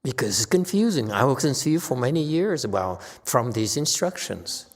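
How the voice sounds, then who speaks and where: A man's voice: mid-range voice, sing-song, moderate pace, big-room sound. A man teaching as a Buddhist master in a dharma lecture, blunt and dismissive, brushing off questions with impatience.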